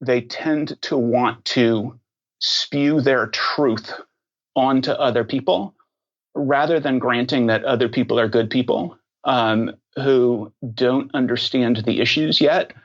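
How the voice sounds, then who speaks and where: A man speaking as a podcast guest, thoughtful and unhurried, with many ums and restarts. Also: medium pitch, dull audio. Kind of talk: casual interview talk.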